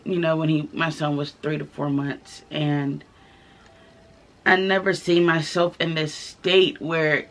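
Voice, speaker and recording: A young woman telling her own story to the camera in a casual vlog, candid and soft-spoken, pausing often with fillers. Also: deep voice, level tone. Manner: candid, halting, many fillers. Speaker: vlogger. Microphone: camera mic, filming herself.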